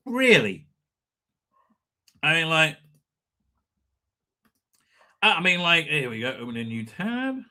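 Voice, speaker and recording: A man's voice: fairly high pitch, very animated, takes it slowly, long pauses, pushed and bright. A man hosting a live stream, ranting sarcastically and crudely at video clips and swearing freely.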